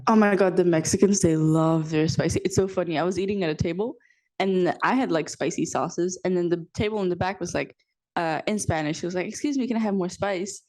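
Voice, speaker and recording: A woman's voice: lowish voice, a little mellow. A young woman from Macau co-hosting a podcast in casual chat, often laughing and chiming in. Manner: giggly, chiming in with quick agreement. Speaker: podcast co-host.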